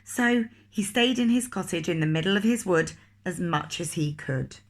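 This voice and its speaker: A woman reading a picture book aloud to children, expressive and asking the listener questions. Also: fairly low pitch, normal speed. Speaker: teacher reading a story to children.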